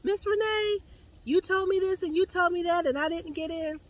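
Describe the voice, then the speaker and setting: A woman mimicking a whiny high-pitched student. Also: normal speed. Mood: complaining. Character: frustrated teen student complaining to counselor.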